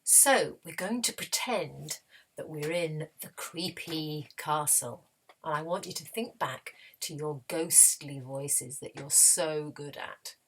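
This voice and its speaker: A woman teaching a children's music lesson, gently and encouragingly, with playful voice demonstrations. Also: low-pitched, slow, a little hiss or hum. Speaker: primary school music teacher.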